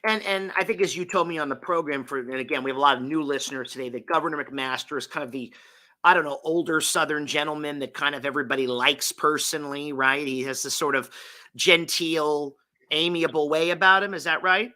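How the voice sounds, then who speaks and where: A man's voice: on the high side, brisk, pushed and bright. A man hosting a political talk show, asking questions in an enthusiastic, conversational way. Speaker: host.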